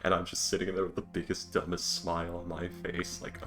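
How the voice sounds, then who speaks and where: A man's voice: low-pitched, monotone, brisk, over music. A man chatting casually at an online game table, joking crudely and laughing often. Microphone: headset or desk mic, online session.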